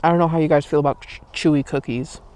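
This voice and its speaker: Munching a snack outdoors in a park, a late-twenties vlogger and streamer chats quickly and loosely, leaning heavily on "like" and "um." Her low, somewhat mellow voice stays fairly even in intonation, and there's a faint hiss or hum.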